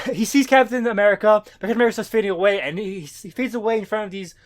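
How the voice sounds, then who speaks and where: A man's voice: high voice, fast. A man co-hosting a casual comics podcast, rambling with lots of fillers, restarts and swearing. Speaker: podcast co-host.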